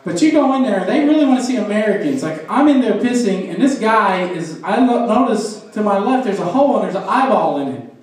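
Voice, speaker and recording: High-voiced man telling crude stand-up stories. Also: expressive, fairly quick. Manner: crude storytelling with crowd work. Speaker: stand-up comedian. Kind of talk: stand-up comedy set. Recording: echoey club from far off.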